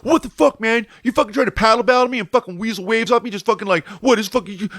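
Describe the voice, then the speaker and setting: A man voicing a furious young male surfer in his mid-twenties who yells curses in a high, strained voice. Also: quick pace, dry recording, studio quality.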